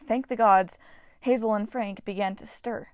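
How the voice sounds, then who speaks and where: Woman narrator for a fantasy audiobook, mid pitch, dry close recording, animated reads. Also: moderate pace, dry recording. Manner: lively, voices characters with shouts. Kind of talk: audiobook narration with character voices. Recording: dry, low-quality home recording.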